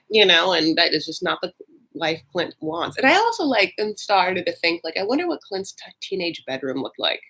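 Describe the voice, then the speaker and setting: A woman's voice: fairly low pitch, very animated, normal speed, fairly bright tone, breathy edge. A woman host recapping a reality show in a casual, comic, gossipy way, full of asides.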